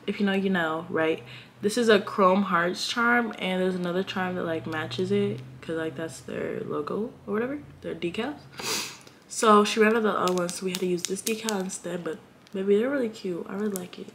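Speaking a little fast, with a mid-range, slightly bright voice, a twenty-year-old woman from Atlanta vlogs to camera. She has a Southern accent and keeps the chat casual, dramatic and full of slang, over slight background noise.

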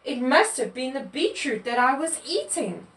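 A woman's voice: high-pitched, big pitch swings, normal speed, fairly bright tone. A woman voicing a well-meaning, clumsy male goat who apologizes for his blunders in a storybook. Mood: eager. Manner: eager, apologetic. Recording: echoey room, mic far off.

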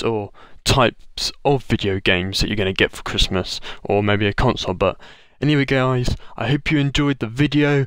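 Man, gaming channel host, casual rambling talk, mid pitch, clean resonant tone. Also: fairly even intonation, moderate pace, hardly any pauses, a bit bright, clean tone, dry recording. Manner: rambling, loose, with restarts and trailing phrases. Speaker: gaming YouTuber. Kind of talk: casual vlog update to viewers.

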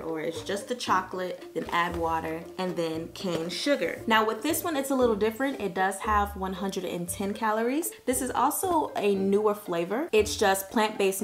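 A woman hosting a casual vlog taste test, chatty and frank, repeating herself and using fillers as she reviews food. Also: mid-range voice. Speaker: product reviewer.

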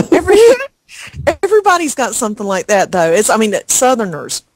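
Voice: mid-range voice, sing-song, a little fast, no echo, low-quality recording. An actor rambling in casual podcast chat, laughing often and sounding exasperated.

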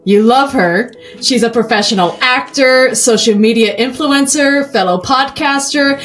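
A woman's voice: sits high, unhurried, soft background music. A woman from California hosting a book podcast, chatty and self-deprecating. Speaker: podcast host. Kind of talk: casual podcast chat.

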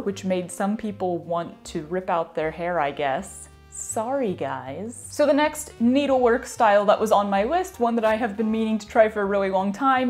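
A woman's voice: medium pitch, darkish tone. A woman hosting an embroidery vlog, talking casually in a chatty, self-deprecating, rambling way. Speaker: embroidery channel host. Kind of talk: casual vlog talk to camera.

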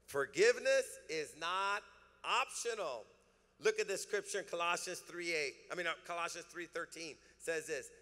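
A man preaching in a church sanctuary, his voice pitched high and ringing bright. He drives his points home with emphatic, repeated phrases and calls the congregation to answer back. Long reverb trails after his words from the large hall. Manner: emphatic preaching with call-and-response. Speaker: pastor. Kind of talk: sermon.

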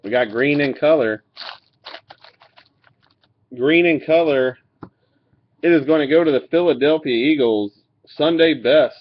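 A man's voice: fairly high pitch, a little slow, pauses often. Laid-back man opening cards on a dull webcam. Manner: laid-back, swears and laughs while reading out cards. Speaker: card breaker. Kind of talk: casual card-pack opening commentary. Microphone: webcam mic.

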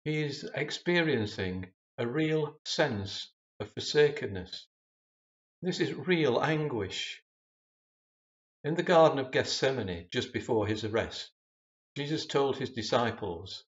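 Man preaching real slow and solemn, kinda dull lo-fi sound. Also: medium pitch, animated. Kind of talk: sermon.

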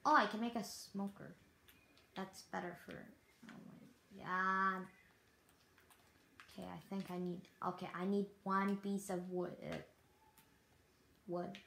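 A young Canadian speaker giving rambling, apologetic let's-play commentary while building in a survival game. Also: female voice, medium pitch, fairly even intonation, takes it slowly, gravelly, pauses often, fairly bright tone. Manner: rambling, self-deprecating, apologetic. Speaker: gaming YouTuber. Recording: echoey room with faint noise.

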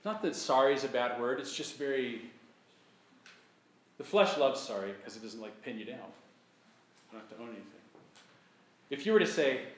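A man's voice: mid-range voice, very animated, normal speed, long pauses, roomy sound, a little hiss or hum. A man preaching a sermon as a pastor, earnest, repeating his key points and acting out sample apologies. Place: church sanctuary.

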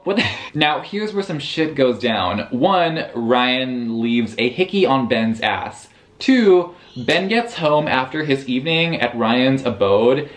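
Sassy young man recapping a book. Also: a little high. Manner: sassy, profane, animated quoting of characters. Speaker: book reviewer. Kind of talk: casual book vlog recap.

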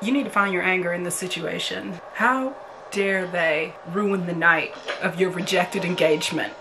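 A woman's voice: on the low side, normal speed, noisy background. A woman reacting to a horror movie she is watching for the first time, talking back at the characters on screen and swearing freely.

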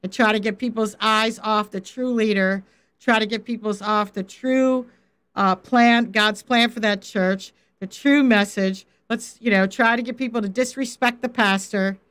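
On a livestream Bible teaching, a middle-aged faith coach talks directly and firmly to her chat viewers. Her medium-pitched voice is clear, resonant, and a bit bright, with fairly even intonation and a slightly slow pace.

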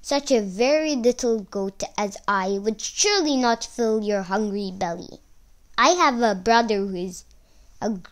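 A woman doing a high, timid little billy goat. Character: small, timid young male billy goat.

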